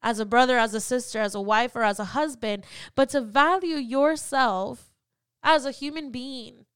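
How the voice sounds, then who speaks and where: Earnest and encouraging, this podcast co-host talks about personal faith, sprinkling in many "um" and "like" fillers. She has a fairly high, smooth, slightly bright voice at normal speed, recorded in studio quality without echo.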